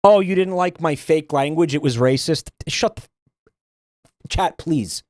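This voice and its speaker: A man's voice: on the high side, measured pace, darkish tone, no echo, clean studio sound. A man streaming, ranting bluntly and swearing a lot in casual livestream commentary.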